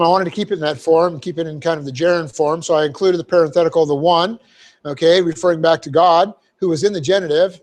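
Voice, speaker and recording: A middle-aged man, a pastor, teaching a Bible passage word by word with frequent "okay?" checks and homely asides. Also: fairly high pitch. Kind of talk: verse-by-verse teaching sermon. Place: church hall.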